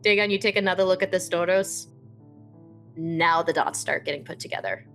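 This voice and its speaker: A woman's voice: fairly low pitch, a bit bright, faint music behind. A woman running a tabletop role-playing game as game master, laughing and swearing freely. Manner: laughing, swearing, quick voice switches.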